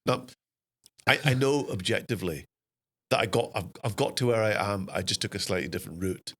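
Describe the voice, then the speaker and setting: Scottish man, middle-aged, lowish voice, self-deprecating, animated storytelling. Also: brisk. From Scotland. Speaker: actor guest. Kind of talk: anecdotal storytelling.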